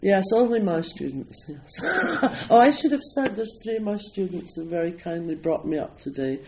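A man's voice: high voice, very animated, normal speed, a little hiss or hum, low-quality recording. A Scottish man, a Zen priest and meditation teacher, giving an informal talk to an audience in a chatty, self-deprecating way, with plenty of ums and you-knows. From Scotland.

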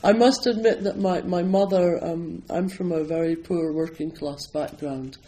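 A man's voice: on the high side, normal speed, mellow, low-quality recording. An older man from Scotland giving a chatty, digressive talk at a Zen centre, laughing often as he introduces a poem. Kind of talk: casual talk introducing a poetry reading.

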